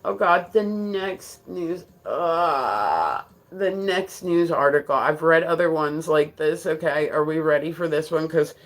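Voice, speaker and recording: A streamer with a New Jersey accent talks loosely to a live audience from a home setup. The talk wanders, full of fillers and restarts, and breaks into easy laughs. The voice sits in an everyday middle register. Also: mid-range voice. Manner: rambling, filler-heavy, quick to laugh. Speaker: livestream host. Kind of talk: casual live-stream chat.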